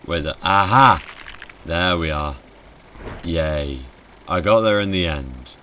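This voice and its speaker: Deep-voiced sweary man streaming a game. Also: takes it slowly, a bit bright, slight background noise. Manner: sweary, sarcastic, easily startled. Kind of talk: casual gameplay commentary.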